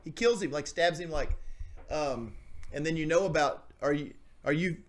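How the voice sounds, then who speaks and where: Man, podcast host, casual chat, rambling excited storyteller, fairly high pitch. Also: normal speed.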